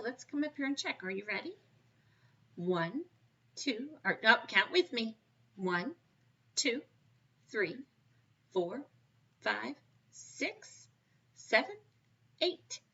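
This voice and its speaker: A woman's voice: medium pitch, sharp tone, slightly rough, highs cut off. A woman teaching a recorded kindergarten math lesson, upbeat and encouraging, coaxing children to count along with her.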